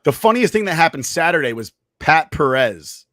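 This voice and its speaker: Animated storytelling man with a dry sound. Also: a little high, normal speed, dry recording. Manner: animated storyteller, swears freely. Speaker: podcast co-host. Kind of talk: casual sports chat.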